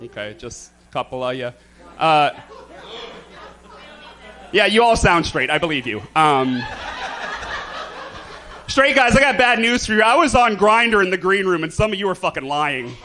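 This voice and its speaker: A high, bright-voiced man with a slight lisp and a light drawl, working a comedy club crowd. His pitch swings wide and lively as he lands campy, theatrical bits and fires off quick asides at the audience. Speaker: stand-up comedian. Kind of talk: live stand-up comedy.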